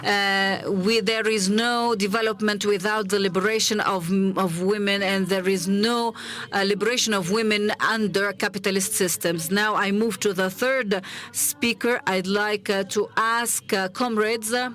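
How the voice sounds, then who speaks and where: A woman moderating a conference panel, halting with fillers and leading the crowd in call-and-response chants. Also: medium pitch, steady tone, a bit bright.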